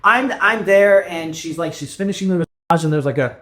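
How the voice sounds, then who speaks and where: A man's voice: high-pitched, fairly quick, a bit bright. A man in his forties hosting a podcast, telling rambling anecdotes in casual chat and swearing freely. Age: 40s. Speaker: podcast host.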